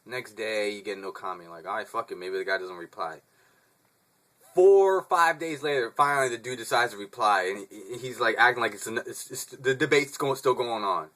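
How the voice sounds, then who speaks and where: Bright-voiced young man ranting casually. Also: on the low side, moderate pace. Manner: laid-back, swears a lot, laughs often, says dude. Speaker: vlogger. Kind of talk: casual rant to camera.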